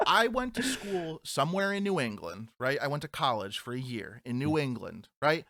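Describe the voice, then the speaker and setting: A young man with a New Jersey accent, co-hosting a casual podcast, animated and swearing, laughing as he mocks himself. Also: medium pitch, moderate pace, dry recording, studio quality. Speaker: podcast co-host.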